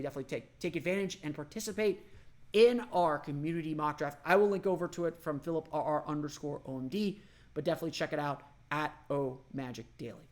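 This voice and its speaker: A man from Orlando hosting a solo sports podcast, thinking aloud in a loose, conversational way. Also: a little high. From Orlando, Florida. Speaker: podcast host.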